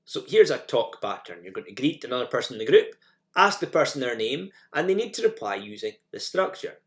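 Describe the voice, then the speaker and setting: At a normal speed, a male teacher delivers a recorded language lesson with an animated, up-and-down pitch. He keeps his explanations plain and says example phrases again and again for learners to copy, slipping in a few fillers and restarts.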